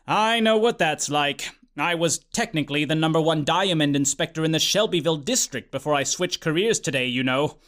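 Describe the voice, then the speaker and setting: A man's voice: fairly high pitch, brisk, hardly any pauses, a bit bright, voice pushed down, close to an everyday voice. A man voicing a dim, self-absorbed male wizard professor who talks in an offhand, mumbly, clueless way. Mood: rambling.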